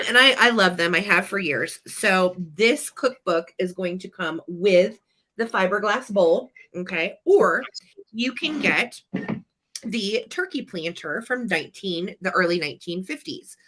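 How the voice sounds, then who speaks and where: Bright-voiced woman hosting a live sale. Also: expressive, unhurried. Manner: chatty, enthusiastic product pitching. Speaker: live vintage sale host. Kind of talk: live-stream sales chat.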